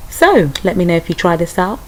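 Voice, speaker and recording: Low-voiced British woman vlogger. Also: very animated, a little fast, slight background noise, rough recording. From United Kingdom. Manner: chatty, talks straight to viewers. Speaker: hair care vlogger. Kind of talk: casual tutorial.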